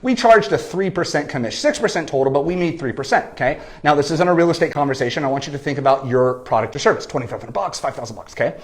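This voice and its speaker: A man in his thirties giving an animated business coaching talk, often checking in with "okay?" and "right?". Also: on the high side, quick pace, hardly any pauses. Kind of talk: energetic marketing talk. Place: lives in San Diego.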